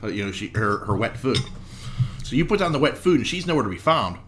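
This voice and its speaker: Podcast co-host, male, animated storyteller, slight background hiss. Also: mid-range voice, fast. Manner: rambling anecdotes, acts out others' lines. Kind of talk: casual chat, storytelling.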